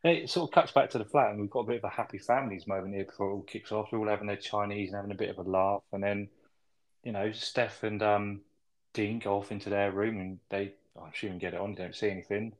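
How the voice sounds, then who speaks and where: A man co-hosting a podcast, recapping a film's plot in relaxed, casual chat with plenty of fillers. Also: fairly low pitch, quick pace, low-quality recording. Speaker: podcast co-host. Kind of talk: casual film review chat.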